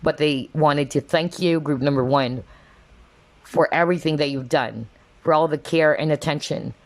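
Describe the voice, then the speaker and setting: A woman with a low voice and moderate pace gives her viewers a casual tarot reading. She is earnest and openly moved, leaning heavily on fillers like "kind of, like" and "you know."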